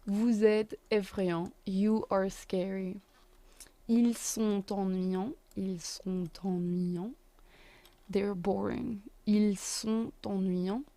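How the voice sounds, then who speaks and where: A young woman teaching French words in English, repeating each phrase slowly and carefully. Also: medium pitch, dark tone. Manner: slow, careful pronunciation drills. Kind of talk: language lesson.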